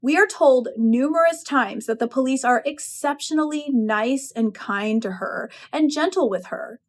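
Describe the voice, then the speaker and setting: A woman with a high, bright-pitched voice talks through a short story as an English professor. She retells the plot and gives her own strong opinions along the way, expressive and direct. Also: measured pace. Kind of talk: literary analysis lecture.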